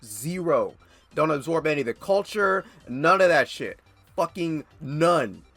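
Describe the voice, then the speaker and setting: A man's voice: a little high, expressive, unhurried, fairly bright tone, faint music behind. A man giving blunt, sarcastic reaction commentary, swearing often and stammering into rants. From United States.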